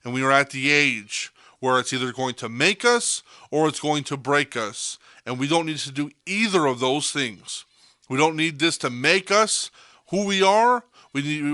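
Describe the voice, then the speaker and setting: A young man talks straight into a dead-dry mic with a bright, tense edge. His pitch sits slightly high for a man. He preaches with intensity, circles back through the same phrases, and swears without pause. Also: dry recording. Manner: intense, repetitive, swears freely. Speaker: podcast host. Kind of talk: impassioned podcast monologue.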